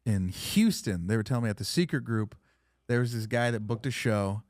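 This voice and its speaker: Animated swearing male podcast host. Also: lowish voice, a little fast, no room sound, clean studio sound. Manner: animated storyteller, acts out quotes, swears freely. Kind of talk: casual chat.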